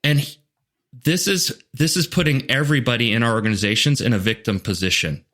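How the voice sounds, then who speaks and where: A man's voice: mid-range voice, brisk, fairly bright tone. A man speaking as a leadership coach and podcast guest, talking earnestly and acting out what other people say. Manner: earnest, storytelling, many "like" and "you know" fillers; voices quoted people in asides. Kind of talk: conversational podcast interview.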